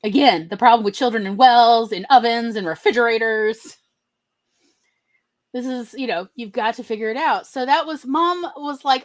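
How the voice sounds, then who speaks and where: A woman's voice: fairly high pitch, normal speed. Chatty woman co-host telling family stories. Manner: storytelling, acts out quoted relatives in shifting voices. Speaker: podcast co-host. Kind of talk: casual chat.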